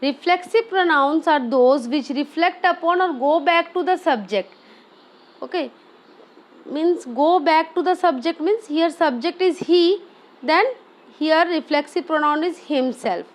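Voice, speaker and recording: A high-pitched woman walks through a grammar lesson. She speaks slowly and deliberately, pausing to ask "okay?" as she explains each point. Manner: explains step by step, often checks "okay?". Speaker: teacher.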